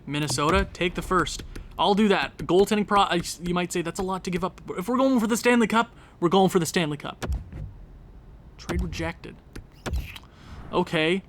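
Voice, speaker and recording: A man's voice: sits high, a bit bright, slight background noise. A young Canadian man giving casual, rambling commentary on a game, talking to himself with jokey asides. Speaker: gaming video creator.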